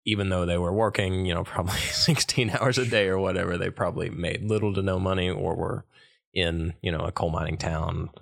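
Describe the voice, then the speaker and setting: A man's voice: sits low, fairly even intonation, fairly quick, vocal fry. A man co-hosting a podcast in casual chat, rambling and hesitant as he works through his thoughts. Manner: rambling, hesitant, lots of fillers and restarts. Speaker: podcast co-host.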